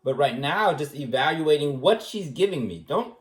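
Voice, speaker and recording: A man giving a rambling, joking recommendation speech as an art teacher, teasing in a deadpan way and tagging his points with questions. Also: on the high side, moderate pace. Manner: teasing, deadpan, many fillers and tag questions. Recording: echoey room.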